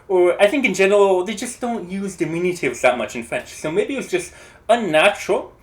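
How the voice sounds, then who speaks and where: Chatty language explainer, pitch jumps all over, thinks out loud and hedges a lot. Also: fairly quick. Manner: thinks aloud, hedges and restarts, animated. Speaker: language video creator. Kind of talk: casual educational explainer.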